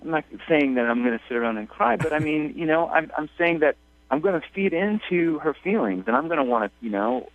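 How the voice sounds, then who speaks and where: Man, caller, halting, many restarts, tinny phone line. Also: fairly high pitch, animated, gravelly, no echo. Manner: halting, full of restarts and fillers. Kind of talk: radio call-in conversation.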